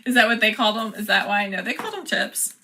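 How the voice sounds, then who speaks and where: A woman's voice: medium pitch, expressive, brisk, sharp tone, slight background noise. A woman chatting casually as she unboxes and taste-tests snacks, laughing often. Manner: chatty, laughs often, reads product cards aloud. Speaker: vlogger.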